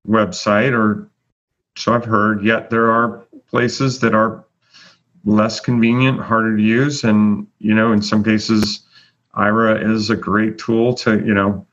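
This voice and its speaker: A man's voice: fairly low pitch, flat delivery, slow pace, a bit bright. A man hosting a casual chat, chatty and full of fillers as he announces rankings. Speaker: host. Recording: dull lo-fi audio.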